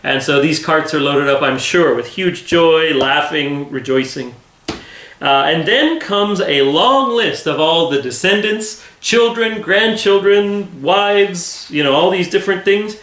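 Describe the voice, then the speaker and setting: A man's voice: fairly high pitch, slow, fairly bright tone, roomy sound. A man who is a pastor, giving a conversational, earnest Bible reading talk with many fillers. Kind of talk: Bible study devotional talk.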